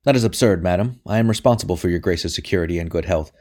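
A man voicing a gruff, anxious soldier who barks his words harshly and loudly. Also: low-pitched, fast talker, lightly acted. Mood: exasperated. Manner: barking, harsh and forceful.

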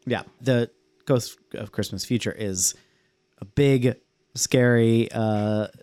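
A man's voice: mid-range voice, steady tone, slow, mellow, clean tone, dry recording. Laid-back man, dry close sound. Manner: laid-back, swears casually. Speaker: podcast co-host. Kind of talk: casual movie discussion.

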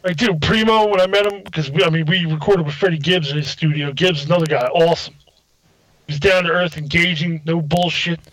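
A man's voice: a little high, fairly even intonation, fairly quick, a bit bright, no echo, low-quality recording. A man, a music producer, in casual podcast chat, loose and profane with lots of "like, yo" fillers.

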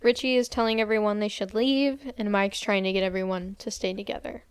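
A woman's voice: medium pitch, fairly even intonation, brisk, clear, resonant tone, no room sound, studio quality. A young woman casually retelling a movie's scenes, quoting characters and saying "like" a lot. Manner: retells scenes with quoted lines, frequent "like". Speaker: podcast co-host recapping a movie. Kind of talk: casual movie recap storytelling.

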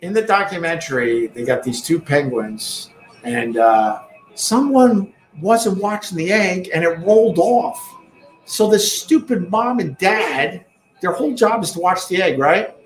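A man's voice: high-pitched, a little slow, roomy sound, low-quality recording. A man with a Long Island accent co-hosting a casual chat in a bar, joking and swearing as he tells a story. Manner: animated, joking, swears freely. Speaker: podcast co-host.

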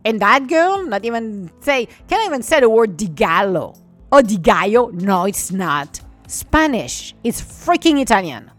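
A woman's voice: fairly high pitch, very animated, measured pace, few pauses, faint music behind. A woman in an indignant, scolding rant to camera, with slightly non-native English phrasing. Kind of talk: ranting monologue to camera.

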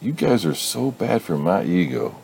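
A man's voice: low voice, very animated, normal speed, gravelly, darkish tone, a little hiss or hum, voice pushed up, full character voice. A man voicing a playful young man who boasts and teases the women around him. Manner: teasing, boastful.

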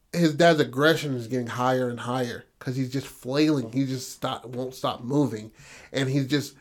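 A male podcast host retelling a story in a rambling, casual way, heavy with fillers and swearing. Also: medium pitch.

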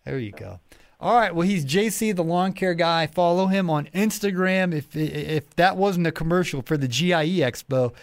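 This male podcast host chats loosely with his guest, wandering and restarting many times. His fairly high voice has lively intonation and a normal speed, and the clean studio recording has no room sound.

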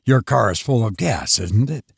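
Man as a grim, hurried father, clipped orders, dry close read. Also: mid-range voice, expressive, gravelly, breathy edge, dry recording. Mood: urgent. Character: urgent, grim middle-aged husband and father.

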